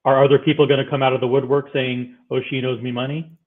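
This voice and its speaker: A man on a livestream panel pushes for straight answers in a lawyer-like way. He talks fast, and his voice arrives thin and tinny, as if over a phone line. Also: mid-range voice, flat delivery. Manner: pressing, lawyer-like questioning. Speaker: panelist questioning the guest.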